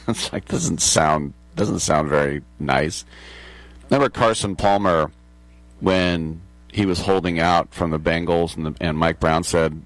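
Deep-voiced, rambling male sports radio host. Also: a little slow, dry recording. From America. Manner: rambling, digressive, chuckling asides. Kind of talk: casual sports talk monologue.

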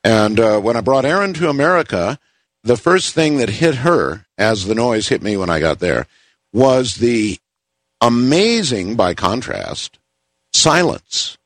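A man hosting a talk show, chatting casually with halting, drawn-out phrasing and many pauses. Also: mid-range voice, big pitch swings, dry recording. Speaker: radio talk show host. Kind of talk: casual interview chat.

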